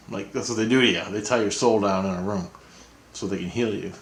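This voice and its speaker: A man's voice: on the low side, normal speed. A man vlogging, telling a rambling personal story with chuckles. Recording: roomy echo.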